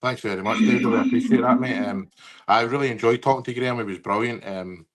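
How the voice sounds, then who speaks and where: A man's voice: mid-range voice, fast. A Scottish man hosting a podcast interview in a casual, matey way. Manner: friendly, matey, says "mate" a lot. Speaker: podcast host.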